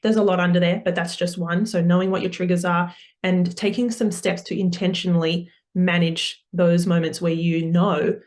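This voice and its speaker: A woman's voice: lowish voice, level tone, moderate pace, a little mellow. A woman speaking as a parenting coach guest in a podcast interview, earnest and explanatory, with frequent fillers and restarts.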